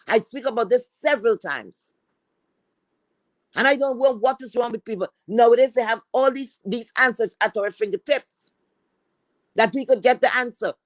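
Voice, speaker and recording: A woman's voice: fairly high pitch, dry recording, poor audio. A woman commentator on a livestream, ranting in a blunt, profane, scolding way. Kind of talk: heated commentary rant.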